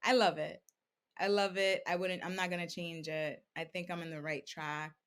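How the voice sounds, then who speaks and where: Her fairly low, clean-toned voice moves at a moderate pace as this young woman, a crystal seller on a podcast, shares her story. She gets animated, voices the people she quotes, and fills her speech with "like."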